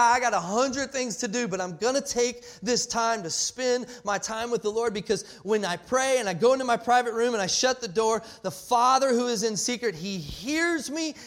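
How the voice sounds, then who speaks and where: A man in his forties preaching a sermon, passionate and full of restarts, swinging between loud emphasis and quiet asides. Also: extremely high pitch, lively intonation, normal speed, few pauses. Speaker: pastor.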